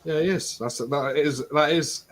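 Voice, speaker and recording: Bloke rambling and swearing on a stream chat, laughs a lot. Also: male voice, fairly high pitch, measured pace. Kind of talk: casual banter.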